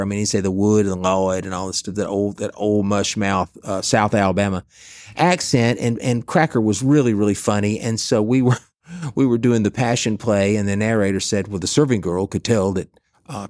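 Low-voiced man giving a Bible talk. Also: darkish tone, dry recording, clean studio sound. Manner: storytelling, reads scripture then chats. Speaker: pastor. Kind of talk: conversational Bible reflection.

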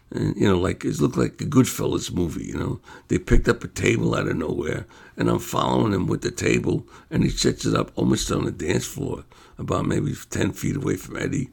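An older man with a New York accent telling stories about his comedy career in a casual, animated way, acting out the voices of people he quotes and laughing along. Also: on the low side, vocal fry, husky. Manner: animated storyteller, acts out quotes, laughs often. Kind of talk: casual storytelling monologue.

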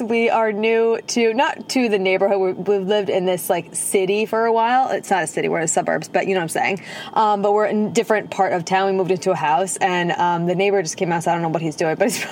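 A woman's voice: medium pitch, brisk, a little hiss or hum. A woman hosting a casual podcast from her car, talking in a bubbly, chatty way into a propped-up phone. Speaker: podcast host and holistic nutritionist. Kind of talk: casual chat. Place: inside a parked car at night.

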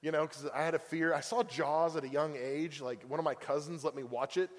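A man's voice: fairly high pitch, steady tone, brisk. A male pastor preaching a sermon in a conversational way, full of fillers and acted-out quotes. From Oklahoma. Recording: long reverb of a church hall.

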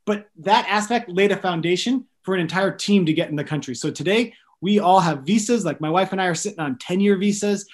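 A man in his thirties, a missionary guest on a podcast, telling stories in an earnest, animated way with light jokes. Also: high voice, fairly quick, hardly any pauses. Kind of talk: storytelling in a podcast interview.

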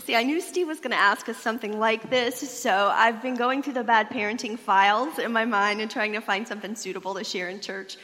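Woman, 40s, mother on a church panel, candid and relaxed, echoey hall. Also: fairly high pitch, a little fast, hardly any pauses, a little hiss or hum.

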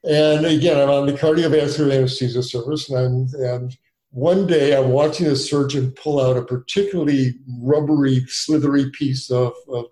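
A man's voice: medium pitch, steady tone, moderate pace, mellow. A man in his sixties, a physician being interviewed, telling his story in a rambling way with many restarts and fillers. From United States. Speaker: physician guest. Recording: echoey room.

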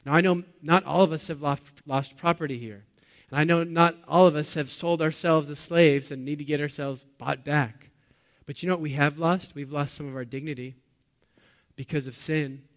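A man preaching a sermon to his congregation, asking them questions and swinging between loud bursts and quiet, low lines. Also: fairly even intonation, moderate pace. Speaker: pastor.

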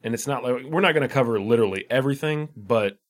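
A man co-hosting a movie podcast in casual chat, relaxed and trailing off, laughing often. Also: medium pitch, quick pace. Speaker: podcast co-host.

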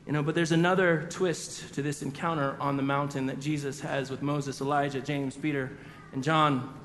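A man preaching a sermon, animated and telling the story with acted-out voices. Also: fairly high pitch, normal speed, big-room sound, slight background noise. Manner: animated storyteller acting out quotes. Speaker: pastor.

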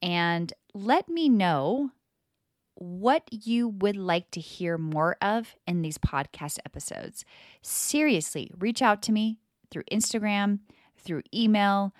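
A woman in her thirties hosting a spiritual self-help podcast, talking candidly and with a lot of swearing, acting out her own past words in lively voices. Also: mid-range voice, slow pace, no echo, studio quality. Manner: candid, profane and animated, quoting herself in lively voices. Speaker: podcast host.

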